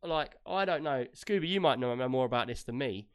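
A man's voice: mid-range voice, animated, a little fast, clear, resonant tone. A man hosting a gaming podcast, chatty and rambling, often laughing. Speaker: podcast host. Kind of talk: casual gaming podcast chat.

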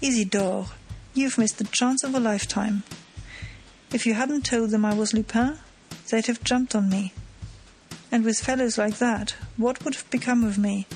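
A woman reading as a cheeky gentleman thief. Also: on the high side, fairly even intonation, normal speed, slight background noise, close to an everyday voice. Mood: mocking. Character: mocking gentleman thief, adult man, cool and cheeky.

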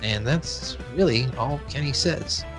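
A man's voice: mid-range voice, a little slow, music in the background. Joking male podcast host. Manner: loose, joking, reads sponsor plugs. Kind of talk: casual podcast chat.

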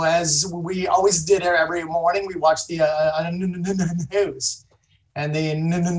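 Male guest who speaks slowly, catches and repeats the first sounds of words as he tells a story. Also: sits high, poor audio. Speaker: guest on a talk show. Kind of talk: casual storytelling.

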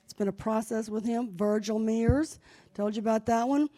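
In a sanctuary, a woman leads a church service, chatting anecdotally about her family's news before rising into fervent prayer. Her voice is a little high and dark, with a steady tone and a moderate pace. It's a conversational sermon woven with testimony.

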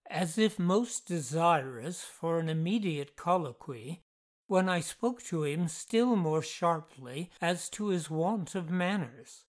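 Slow, measured woman narrating a ghost story. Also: lowish voice, darkish tone. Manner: measured, deliberate reading.

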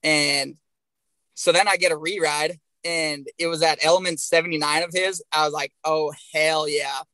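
A young man, a bull rider guest on a podcast, telling stories in an animated way and swearing constantly. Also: a little high, moderate pace, no room sound, low-quality recording. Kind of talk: profane storytelling on a podcast.

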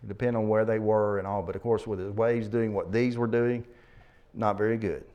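A man leading a Bible study, reading scripture aloud slowly and asking his listeners questions. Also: on the low side, fairly even intonation, clear, resonant tone, lo-fi sound. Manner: reads scripture aloud slowly, then asks the class questions.

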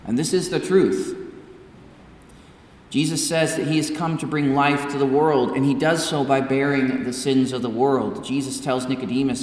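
A man preaches a sermon with measured, emphatic pacing, leaning into pauses. His voice sits a little high. The recording is roomy and distant, with long church reverb. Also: steady tone, a bit bright. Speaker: pastor. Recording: echoey church hall from far off.

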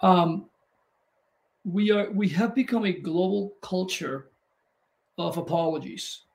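Man co-host, high and gravelly, slow and reflective in casual talk. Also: darkish tone. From United States. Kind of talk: casual conversation.

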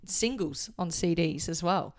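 A woman's voice: lowish voice, unhurried. A woman, a schoolteacher, chatting casually as a podcast co-host and laughing often. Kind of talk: casual chat.

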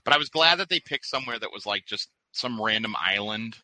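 Bright-voiced man riffing over a film. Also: fairly low pitch, animated, brisk, poor audio. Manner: playful, riffing and teasing. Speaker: co-commentator watching a film. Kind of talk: casual watch-along commentary.

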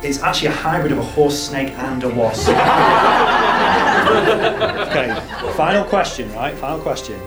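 A man hosting a jokey quiz at a live show, with a deadpan, mock-apologetic delivery. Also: on the high side, a little slow, long pauses. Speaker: comedy show host. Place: live venue. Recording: echoey room with loud music.

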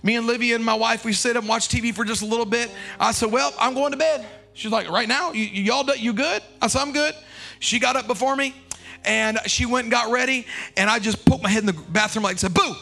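A man preaching a sermon as pastor of his church, moving from storytelling into shouted, sung cadences. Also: extremely high pitch, fast talker, vocal fry, soft background music. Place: church sanctuary.

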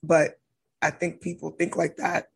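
A woman in easy conversation with friends, speaking bluntly and swearing freely. Her voice is raspy and breathy, with a gravelly fry at the ends of phrases. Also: low voice, little pitch movement. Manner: frank, profane, drawn-out emphasis. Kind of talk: casual chat.

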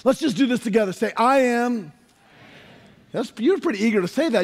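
High-voiced preacher man in a big hall. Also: animated, moderate pace, gravelly, long pauses, husky. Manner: impassioned, building to shouts. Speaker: pastor. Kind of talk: sermon. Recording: long reverb of a large hall.

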